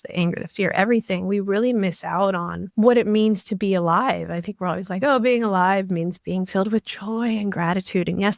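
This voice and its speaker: A woman's voice: medium pitch, vocal fry, no room sound, clean studio sound. A woman hosting a podcast interview, talking earnestly and with feeling, with many "like"s and "you know"s. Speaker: podcast host. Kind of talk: conversational interview.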